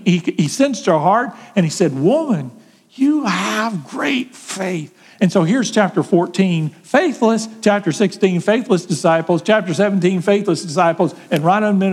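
A man preaching a sermon, asking his congregation questions in an animated way. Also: high-pitched, long reverb tail. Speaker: pastor.

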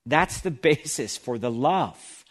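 A man's voice: medium pitch, animated, slow pace, breathy edge. A man preaching an expository sermon, reading scripture aloud with emphasis and explaining it to the congregation. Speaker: pastor.

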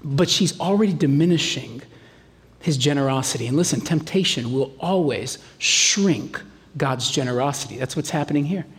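A man preaching a sermon in a lively, animated way, acting out quotes in playful voices. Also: a little high, normal speed. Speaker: pastor. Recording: reverberant hall.

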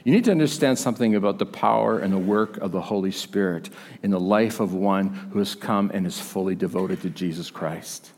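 A man's voice: low voice, fairly quick, darkish tone. A male pastor preaching a sermon in a conversational, emphatic storytelling manner. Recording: long hall reverb.

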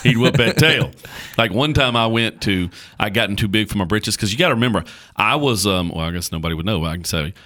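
Deep-voiced man telling stories. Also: fast talker, few pauses. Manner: storytelling, folksy and animated, with many fillers and restarts. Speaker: pastor. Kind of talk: casual podcast conversation.

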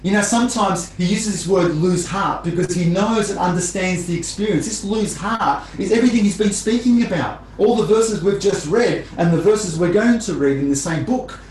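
A man's voice: high voice, normal speed, few pauses, darkish tone, a little hiss or hum. Man preaching a sermon in an echoey room. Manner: conversational, repeats phrases, rises animatedly in stories.

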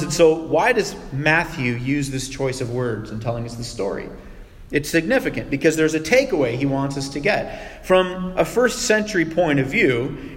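Heard through long hall reverb, a pastor delivers a sermon that feels like a conversation and a lesson at once. His male voice is fairly high, and he drops into hushed asides and pauses for dramatic effect.

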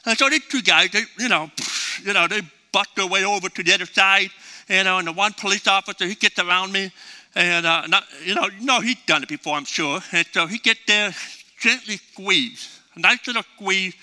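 A man preaching a sermon and telling a story in a folksy, animated way. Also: sits high, fairly quick. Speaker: pastor. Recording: reverberant hall.

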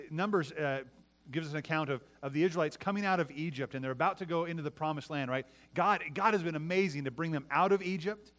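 A middle-aged man with a slightly high, fairly bright voice gives a conversational sermon, often restarting what he says and asking the listeners "right?"

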